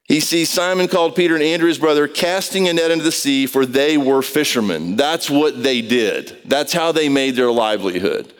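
A male pastor with a smooth, resonant voice preaching a relaxed, story-driven sermon. He keeps turning to the congregation with questions, and his words ring out with the long reverb of a large hall. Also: on the high side, brisk, hardly any pauses. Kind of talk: conversational sermon.

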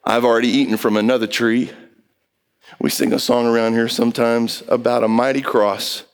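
A man preaching a sermon in an impassioned, pleading way, swinging between high and low. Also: flat delivery, normal speed, clean tone.

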